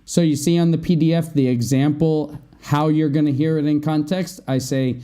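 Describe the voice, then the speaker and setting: A man's voice, a little high, steady and mellow, leads a vocabulary lesson on an English-learning podcast. As the teacher and host, he explains slowly and keeps asking "right?".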